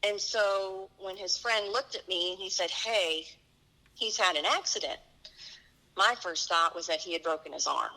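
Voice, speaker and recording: A woman's voice: mid-range voice, unhurried, bright, forceful tone, rough recording. A middle-aged woman earnestly recounting a personal story, acting out the dialogue. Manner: earnest, vivid retelling with quoted dialogue. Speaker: guest telling her story.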